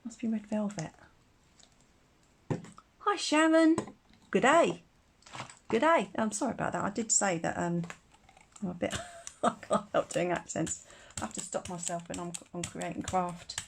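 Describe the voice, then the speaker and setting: A woman's voice: on the low side, fairly even intonation, normal speed, creaky, a little hiss or hum. A woman teaching a casual live craft demonstration, chatty and rambling, laughing often. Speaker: craft tutor.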